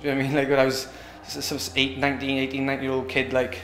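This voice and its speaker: A man's voice: medium pitch, completely flat delivery, rapid-fire, fairly bright tone, reverberant, a little hiss or hum. A young man from Britain, an MMA fighter talking casually after a win, rambling and often asking "do you know what I mean". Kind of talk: post-fight interview.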